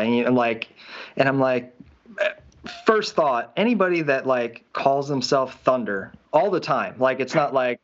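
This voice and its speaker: A man's voice: medium pitch, lively intonation, measured pace, highs cut off. A man hosting a podcast and chatting with a fellow racer in an easygoing, rambling way. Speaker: podcast host, flat track racer. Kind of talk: casual podcast chat.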